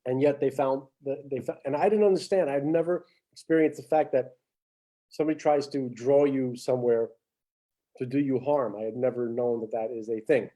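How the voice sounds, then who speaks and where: Podcast guy, really deep dark tone, tells stories and laughs a lot. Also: normal speed. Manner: animated storyteller, laughs often. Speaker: podcast co-host. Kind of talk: casual chat.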